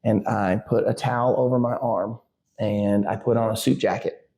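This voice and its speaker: A middle-aged father co-hosting a podcast tells a family story in casual chat, his lowish voice warm and steady at a normal speed. He rambles, full of "likes," fillers and restarts.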